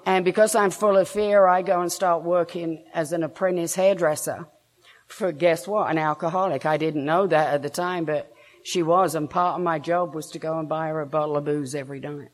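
A woman's voice: low-pitched, fairly even intonation, moderate pace. A woman with an English accent, frankly and self-mockingly telling her own story to a recovery meeting, laughing now and then between lines. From England. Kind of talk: personal story told to a meeting.

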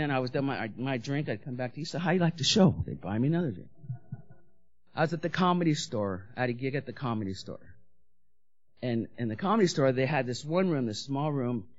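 A woman candidly telling her story of drinking and recovery, blunt and profane, acting out the people she quotes. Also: sits low. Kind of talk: candid personal recovery talk. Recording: dull lo-fi recording.

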